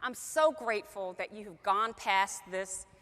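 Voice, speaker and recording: A woman's voice: medium pitch, measured pace, fairly bright tone, long reverb tail. A woman telling an emotional story to a group as a sales trainer, acting out the quoted dialogue.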